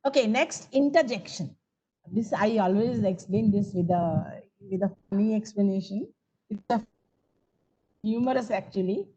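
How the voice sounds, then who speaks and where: A woman's voice: fairly high pitch, a little mellow, dull audio. A woman with an Indian English accent teaching grammar in an online coaching class, coaxing her students to answer her questions. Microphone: video call.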